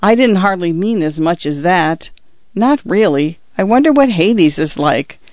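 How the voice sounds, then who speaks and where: A man's voice: high voice, expressive, measured pace, no room sound, highs cut off. A man voicing a nervous, meek male clerk who talks in a flustered, apologetic way.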